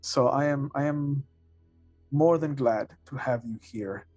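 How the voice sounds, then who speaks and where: A man doing a worn-out noble lady, in the deep voice of the man voicing her. she drags her words out and pauses a lot. very dry, close sound with no room in it. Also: a little mellow, no room sound, faint music behind. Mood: weary, fond. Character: weary noblewoman, a lord's sister with children.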